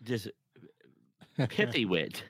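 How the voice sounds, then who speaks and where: A man in a casual group chat, reacting slowly and chuckling. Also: lowish voice, wildly swooping pitch, fairly bright tone, no echo, studio quality.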